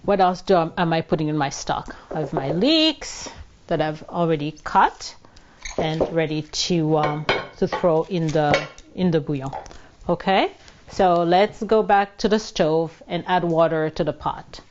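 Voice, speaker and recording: A woman talks slowly and chattily as she cooks, walking through every step and dropping French words along the way. Her kitchen sounds a little muffled, with faint sizzling and clatter behind her. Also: low voice, darkish tone, slight background noise. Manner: chatty, narrates each step, drops into French. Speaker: cooking show host. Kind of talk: casual cooking demonstration. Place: home kitchen.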